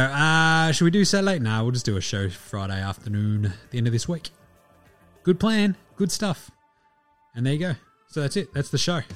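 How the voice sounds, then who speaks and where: A man's voice: medium pitch, fairly bright tone. A man with an Australian accent hosting a podcast, talking casually and laid-back, with plenty of swearing and jokes. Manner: laid-back, profane, joking. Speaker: podcast host.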